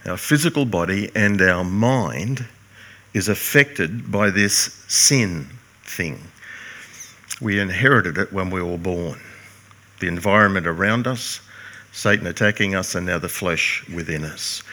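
A man's voice: low voice, a little slow, sharp tone. An older man preaching a sermon, earnest and emphatic, posing rhetorical questions to his congregation. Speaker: pastor.

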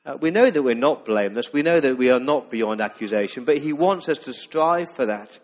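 A man's voice: medium pitch, animated, fairly quick, long reverb tail. A man preaching a sermon as pastor, earnest and emphatic, reading scripture aloud between his points. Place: church.

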